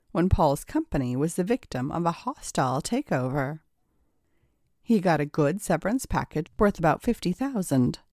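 A woman reading a scripted story narration in a measured storytelling manner. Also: fairly low pitch, mellow, no echo, clean studio sound.

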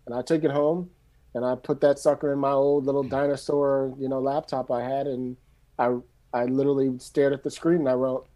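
A middle-aged man from San Francisco, a screenwriter telling his story in a loose, animated, casual way and swearing freely. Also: mid-range voice, brisk. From San Francisco, USA. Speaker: screenwriter guest.

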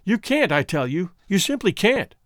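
A man's voice: high-pitched, big pitch swings, normal speed, dry recording, studio quality, voice pushed up. A man voicing a frantic frightened woman. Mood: pleading. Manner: pleading, agitated.

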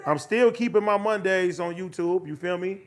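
A man's voice: high-pitched, moderate pace, slight background noise. A man chatting casually as a podcast guest, laid-back, often tagging lines with "you know what I'm saying". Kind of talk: casual chat.

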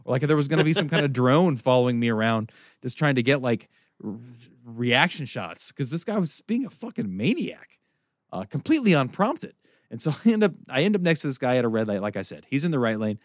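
A man telling a long story as a podcast co-host, profane and animated, laughing often. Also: medium pitch, a little fast, no echo, studio quality. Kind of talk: casual storytelling chat.

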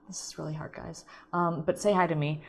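Low-voiced playful woman podcast host. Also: fairly even intonation, creaky, a little hiss or hum. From St. Louis, USA. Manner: playful, chatty, self-mocking, quick asides. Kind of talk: casual solo podcast monologue.

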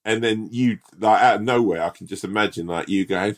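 A man with a very low voice chats on a podcast. He rambles, restarts and swears as he riffs, laughing at his own jokes. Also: a little fast, few pauses. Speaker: podcast co-host. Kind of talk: casual chat.

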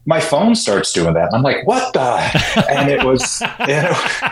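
Man telling stories in a roomy echo. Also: unhurried. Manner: animated, jumps higher when quoting people. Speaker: guest, shoe importer. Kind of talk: casual interview storytelling.

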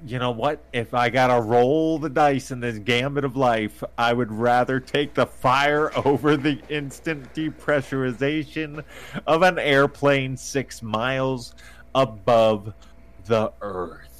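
A man's voice: mid-range voice, slow. A man co-hosting a podcast in casual banter, laughing often and swearing freely as he rants. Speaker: podcast co-host. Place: podcast recording.

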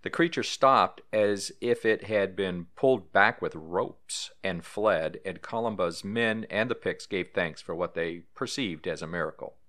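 A man's voice: sits low, measured pace, hardly any pauses, fairly bright tone. A man hosting a paranormal podcast, reading history and trivia aloud in a casual way with small asides. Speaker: podcast host.

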